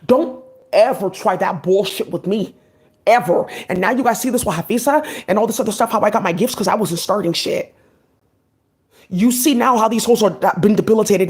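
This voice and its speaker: A woman in a rambling vlog monologue, talking at a rapid clip. Her delivery is agitated and profane, and she jumps from one thought to the next without pause. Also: on the high side.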